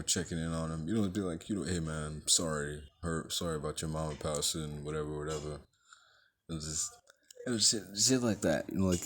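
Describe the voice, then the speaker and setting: A man's voice: very deep voice, a little hiss or hum. A man giving a rambling, profane spoken movie review and acting out characters' lines as he goes.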